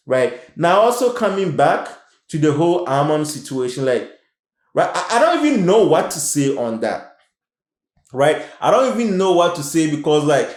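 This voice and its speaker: A man reviewing a TV series in casual commentary, animated and emphatic, repeating his points. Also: fairly high pitch, echoey room. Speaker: show reviewer.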